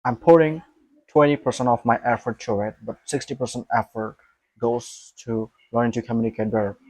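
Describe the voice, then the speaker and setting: A man's voice: medium pitch, fairly even intonation, a little fast, darkish tone, dry recording. A young man vlogging to his camera, thinking aloud in an emphatic, rambling way, repeating himself and swearing.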